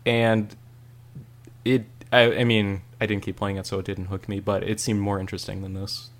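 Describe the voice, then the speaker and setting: A man chatting casually about a video game, rambling with lots of "like" and animated retelling. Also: on the low side, moderate pace. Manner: rambling, frequent "like", animated storytelling. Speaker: podcast co-host reviewing a game. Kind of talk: casual chat.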